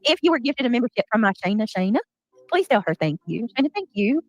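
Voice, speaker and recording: A high-pitched woman runs a casual livestream, her voice bouncing around a wide range. She chats with her audience and thanks them one by one. The sound is dry, with faint music playing behind her. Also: big pitch swings, fast talker, dry recording, dull audio. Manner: chatty, reads out and thanks viewers. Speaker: livestream host.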